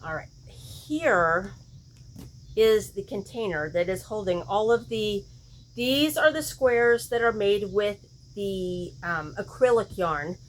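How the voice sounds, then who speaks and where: A woman's voice: medium pitch, slow. A woman hosting a crochet vlog, chatting casually and thinking aloud, often questioning herself mid-sentence. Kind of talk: casual show-and-tell chat.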